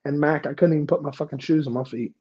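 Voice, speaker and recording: A man's voice: a little high, fairly even intonation, quick pace, highs cut off. A young man telling a personal story casually as a podcast guest, profane and self-mocking, with lots of fillers.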